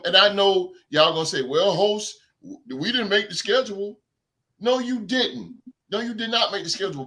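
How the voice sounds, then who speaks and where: A young man hosting a sports podcast, ranting with emphatic, repetitive casual talk. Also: high-pitched. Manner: animated, emphatic, repeats himself. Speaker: podcast host.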